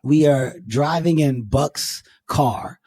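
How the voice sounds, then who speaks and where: A man hosting a podcast, telling a profane, animated story in casual chat. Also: medium pitch, takes it slowly, no room sound. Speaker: podcast host.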